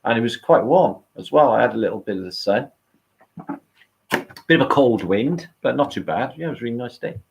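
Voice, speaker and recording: A man's voice: medium pitch, expressive, fairly quick, vocal fry. Rambling sweary British man on a livestream. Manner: rambling, swearing, reading out viewer names. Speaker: livestream host. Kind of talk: casual live-stream chat.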